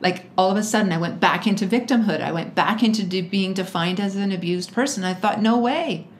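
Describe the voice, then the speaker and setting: A woman's voice: mid-range voice, steady tone, a little fast, slight background noise. A woman being interviewed, telling a personal story emphatically and with animation, often laughing as she talks. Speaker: interview guest. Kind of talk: personal story told in conversation.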